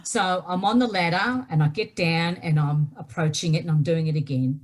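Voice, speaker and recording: A woman's voice: on the low side, moderate pace. Woman, Australian accent, author guest, emphatic storytelling. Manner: emphatic, keeps asking "right?". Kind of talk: animated personal storytelling.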